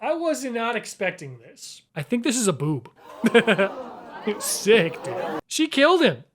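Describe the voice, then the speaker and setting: A man's voice: sits high, big pitch swings, takes it slowly, fairly bright tone, a faint crowd. A man hosting his own video, giving casual, playful commentary as he ranks flags, with frequent exclamations and chuckles. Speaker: YouTube host.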